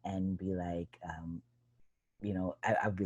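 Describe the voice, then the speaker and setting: Animated, chatty man with a lowish voice. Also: fairly quick. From United States. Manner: animated and chatty, full of fillers, acts out his own stage lines. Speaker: comedian guest. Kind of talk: casual Q&A answers. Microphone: video call.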